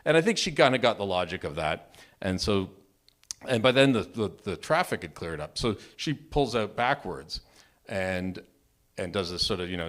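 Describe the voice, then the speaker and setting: A married man telling a true personal story at a live open mic, animated and self-mocking, often restarting his sentences. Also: sits low. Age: adult, married. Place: storytelling venue, live event.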